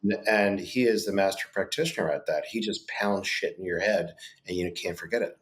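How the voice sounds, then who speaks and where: A man's voice: low-pitched, a little fast. A man who founded a branding agency, talking as a guest in a casual interview, emphatic and repeating words for stress.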